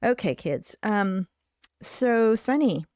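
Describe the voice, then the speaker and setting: A woman's voice: mid-range voice, animated, takes it slowly, a little mellow, dry recording. Older female livestream host, chatty and rambling with lots of fillers; dry, close sound. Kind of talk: casual chat.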